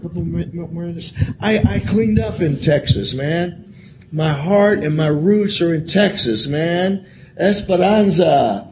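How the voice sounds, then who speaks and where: A man's voice: a little high, lively intonation, slow, low-quality recording. A man speaking at a convention and sharing his recovery story candidly. He rambles, repeats himself, swears often and keeps saying "man.". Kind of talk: candid recovery share, profane and emotional. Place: convention hall. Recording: live talk with loud room noise.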